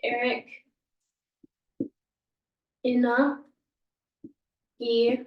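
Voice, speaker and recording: A woman's voice: on the high side, completely flat delivery, extremely slow, echoey room, far from the mic, muffled recording. A woman whose first language is English, teaching a language lesson in a patient, informal way with many ums and self-corrections.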